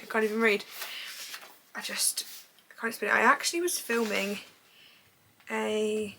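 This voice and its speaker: A woman's voice: mid-range voice, steady tone, moderate pace, vocal fry, pauses often, sharp tone, a little hiss or hum, rough recording. A young woman, chatting casually about books she has read, rambling and gushing. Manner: chatty and rambling, full of fillers like "basically"; gushing and enthusiastic. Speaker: book vlogger. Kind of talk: casual book review chat.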